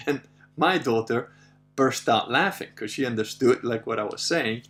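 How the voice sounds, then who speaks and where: A man's voice: medium pitch, fairly quick, a bit bright. Chatty man telling stories over faint music. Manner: rambling storyteller with frequent laughs. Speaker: host. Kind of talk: casual livestream chat.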